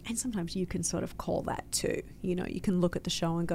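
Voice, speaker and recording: A woman's voice: fairly low pitch, fairly even intonation, fast, creaky, darkish tone, a little hiss or hum. An Australian woman in a casual interview, telling her story expressively with big swings in emphasis. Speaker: guest actor.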